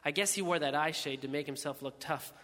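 A man narrating a first-person story in a measured, reflective way. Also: a little high, bright, forceful tone, in a large hall.

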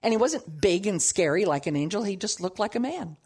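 A woman teaching a Bible passage in an animated storytelling way, with humorous asides. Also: medium pitch, fairly quick, husky.

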